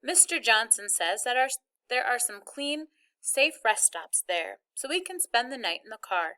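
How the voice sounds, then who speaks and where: A practical, organized mother walks through the plans in a steady, matter-of-fact voice, as a woman reading a novel aloud voices her. The tone is bright and sits fairly high. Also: moderate pace.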